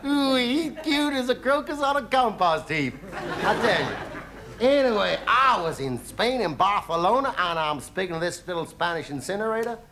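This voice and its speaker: A bragging country-bumpkin American traveller, put on by a British comedian in a high, twangy Southern drawl, full of "ooh-wee" whoops. The 1970s TV studio recording carries clear audience noise behind the voice. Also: male voice, expressive, normal speed. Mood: cheeky. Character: boastful hick American traveller man, folksy. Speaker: comedian in character. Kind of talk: 1970s TV stand-up monologue in character.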